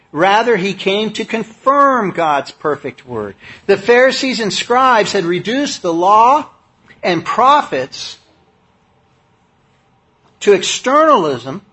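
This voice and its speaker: Husky male preacher, conversational and emphatic. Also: high voice, a bit bright. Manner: conversational, emphatic preaching with many fillers and restarts. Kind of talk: sermon.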